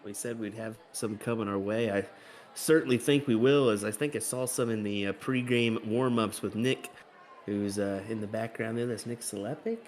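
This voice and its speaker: A man co-commentating darts, easygoing and quick to laugh, chatting with the audience. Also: fairly low pitch, steady tone, a little mellow. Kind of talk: casual play-by-play commentary.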